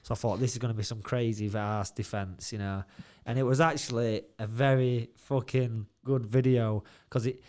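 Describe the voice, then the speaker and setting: A man's voice: medium pitch, steady tone, normal speed, few pauses, a little mellow. Laid-back swearing man. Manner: swears a lot, laughs, tells stories animatedly. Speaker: podcast co-host. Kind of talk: casual chat. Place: podcast studio.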